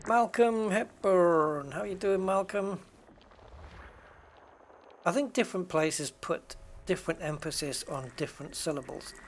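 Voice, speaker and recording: A British man from the United Kingdom streams a game and chats casually with his viewers, rambling and often correcting himself as he answers chat. His voice sits on the high side, with a measured pace and frequent pauses. There's slight background noise.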